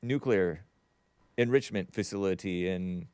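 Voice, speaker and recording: Reading through viewer chats on his live talk stream, the male host keeps a wry tone, laughs often, and trails off into restarts. His voice sits low and is a little mellow, clean, and measured, with no room sound.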